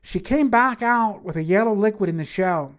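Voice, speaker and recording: A woman's voice: mid-range voice, lively intonation, normal speed. A woman reading a first-person fantasy story aloud in a wry, matter-of-fact way.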